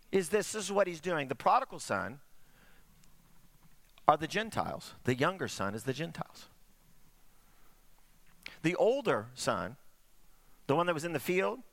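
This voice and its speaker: A man preaching a sermon with a high, lively voice that swings widely between peaks and hushed drops. His tone is bright and forceful, and he slows down for emphasis and calls out to the congregation. The recording is close and dry. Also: no echo. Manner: asks the congregation "Amen?". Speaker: pastor.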